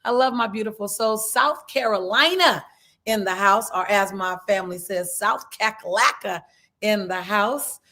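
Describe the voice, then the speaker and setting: A woman's voice: medium pitch, moderate pace, pushed and bright. A woman hosting a live online session, greeting viewers by name with upbeat, playful asides. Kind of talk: lively live-stream chat. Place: indoors at a video production shoot.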